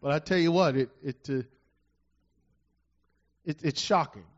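A middle-aged male pastor preaching a sermon, building to loud emphatic bursts and slowing down to read verses. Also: a little high, highs cut off.

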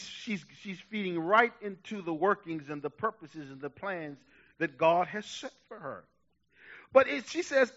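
A man preaching a sermon with passion, dropping to a hush and then rising to shouts, urging his listeners on. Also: sits high, lo-fi sound. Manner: impassioned preaching, swinging from hushed to shouting. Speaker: pastor.

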